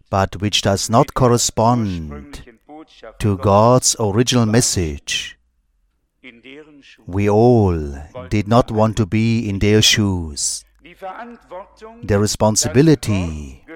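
A man preaching a sermon in slow, measured short phrases. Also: lowish voice, a little mellow.

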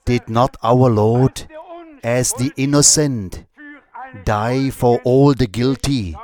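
A man preaching a sermon, reading scripture aloud in a slow, measured way with long pauses between phrases. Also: mid-range voice, a little mellow.

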